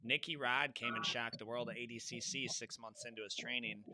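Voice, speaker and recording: A man's voice: mid-range voice, fairly even intonation, fairly quick, pushed and bright, rough recording. A man hosting a podcast, talking casually and emphatically, joking with his guest and using many fillers. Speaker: podcast host.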